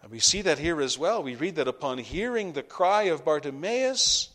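A man preaching a sermon, swinging from hushed whispers to loud, fervent climaxes with slow, deliberate phrasing. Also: fairly high pitch, lively intonation.

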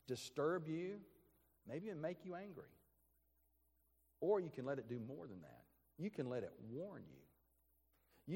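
A man's voice: mid-range voice, darkish tone. A male pastor delivering an earnest, emphatic sermon during a morning service. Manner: earnest, emphatic preaching with repetitions. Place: church sanctuary. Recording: long reverb of a church hall.

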